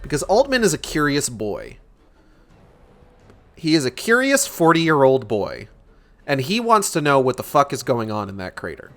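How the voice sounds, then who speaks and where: A man's voice: medium pitch, wildly swooping pitch, normal speed, pauses often, a bit bright. A young man hosting a book club stream, reading a novel aloud and breaking in with sarcastic, profane commentary.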